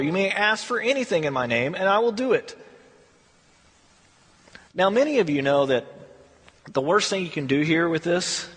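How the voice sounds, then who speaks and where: Male pastor, high husky voice, lively conversational preaching, long hall reverb. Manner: animated, conversational preaching with acted asides. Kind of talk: sermon.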